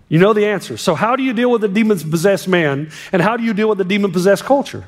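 A man preaching a sermon as a pastor, impassioned, swinging between hushed and emphatic delivery. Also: high-pitched, rapid-fire, few pauses. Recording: long reverb of a large hall.

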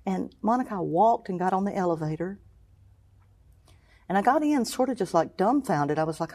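A middle-aged woman telling her story of faith as an interview guest, acting out what people said, moving between hushed and excited tones. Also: on the low side, fairly quick. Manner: storytelling, acts out quoted voices, swings from hushed to exclaiming. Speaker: guest, cancer survivor. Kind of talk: emotional personal testimony.

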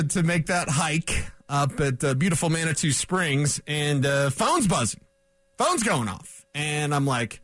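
A man's voice: fairly high pitch, fairly bright tone, no echo. A man hosting a sports talk show, chatting casually and animatedly, often acting out quoted asides.

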